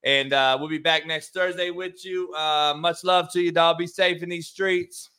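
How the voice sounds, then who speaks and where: A man's voice: on the high side, steady tone, normal speed, pushed and bright, clean tone. A male host keeping the talk loose and hyped, cursing casually with his guests. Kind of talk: casual sports show banter.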